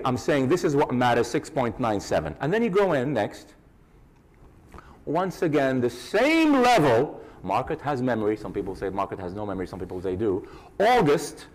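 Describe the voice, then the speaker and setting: A man giving a live trading seminar to an audience, animated and teasing, calling out to the crowd directly. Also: on the high side, low-quality recording. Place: conference hall with a live audience.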